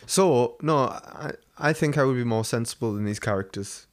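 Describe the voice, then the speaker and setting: Guy cohosting a podcast, rambly storyteller, swears a lot, mid pitch. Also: moderate pace. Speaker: podcast co-host. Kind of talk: casual chat.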